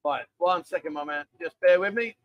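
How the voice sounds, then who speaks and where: A man's voice: high voice, brisk, lo-fi sound. A man, hosting a casual live chat from a bar, bantering and reading out viewer messages. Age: 40s. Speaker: livestream host. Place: busy bar.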